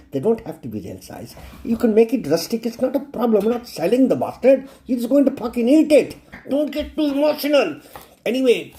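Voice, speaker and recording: Cook demo host, male, crude and cheeky. He swears freely and keeps a mellow tone. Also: extremely high pitch. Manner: blunt, crude, constant swearing, playful jokes; repeats words for emphasis. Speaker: home cook showing a recipe. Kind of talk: casual cooking demonstration.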